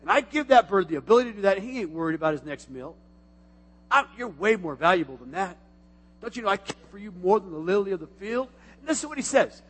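In a church sanctuary, a pastor with a high voice delivers a fast-paced sermon. His animated preaching swings from quiet asides to loud exclamations, and the large hall gives the recording a long reverb.

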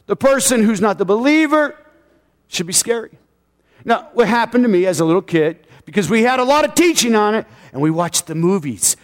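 A middle-aged man delivers a sermon from the pulpit, his voice pitched high. He surges into loud, fervent declarations and then drops to near-quiet asides. The sound rings with the long reverb of a church sanctuary. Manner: passionate preaching, swings from loud to quiet. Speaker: pastor.

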